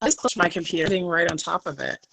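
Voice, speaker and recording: A woman joining a casual live-stream chat as a guest, playful and animated. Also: fairly low pitch, racing, vocal fry, rough recording.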